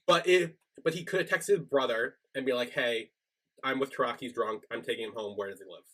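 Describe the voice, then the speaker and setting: A man's voice: mid-range voice, brisk, bright, forceful tone. A man co-hosting a podcast, chatting casually as he retells a show's episode and acts out the characters' lines. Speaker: podcast co-host. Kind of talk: casual recap chat.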